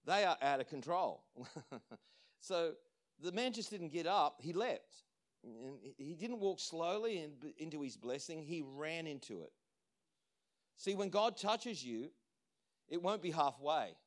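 A man, a pastor, preaching a sermon and telling a story with lively acted-out quotes and frequent laughter. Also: fairly high pitch, slow, pauses often. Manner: animated storytelling, acts out quotes, laughs often.

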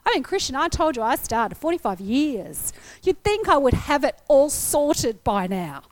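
A woman in her fifties preaching a sermon, telling a personal testimony with animated storytelling and acted-out reactions. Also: sits high, a little slow.

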